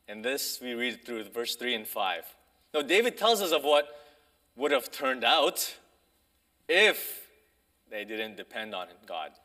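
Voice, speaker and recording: Bright-voiced man preaching a sermon. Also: medium pitch, sing-song. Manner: conversational, pausing, restarts with fillers. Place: church sanctuary.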